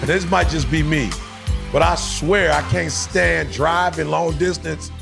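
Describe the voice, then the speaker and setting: A man's voice: fairly high pitch, fairly even intonation, a little slow, creaky, music in the background. A man co-hosting a podcast, chatting casually and playfully egging the others on. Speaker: podcast co-host. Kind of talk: casual chat.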